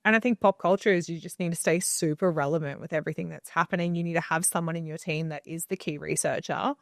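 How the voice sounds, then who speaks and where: A young woman co-hosts a casual podcast from a home studio, talking in a lower register. She gives advice in a chatty, opinionated way. The sound is close and dry, with little room echo. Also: fairly even intonation, quick pace. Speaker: podcast co-host.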